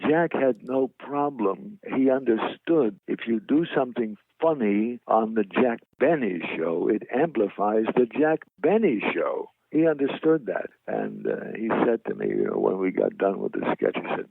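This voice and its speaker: An older man with a deep, gravelly, husky voice tells rambling, self-deprecating stories in a casual interview. His voice comes through a tinny, dry, phone-like line. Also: lively intonation, moderate pace, hardly any pauses, no room sound. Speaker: guest, veteran actor.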